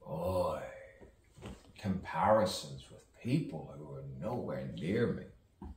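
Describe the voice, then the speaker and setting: A man with a very low voice delivers a drifting, repetitive spoken-word poetry monologue at an unhurried pace. He sits well back from the microphone, so his voice carries the echo of the room around him. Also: expressive, a little mellow, a little hiss or hum. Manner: drifting, repetitive, rhyming free association. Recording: echoey room, voice far from mic.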